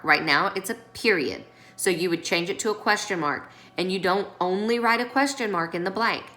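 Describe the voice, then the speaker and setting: A woman's voice: fairly low pitch, sharp tone, echoey room, rough recording. A woman teacher giving a recorded lesson, explaining workbook pages patiently and often checking in with her class. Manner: patient, instructive, frequent check-ins.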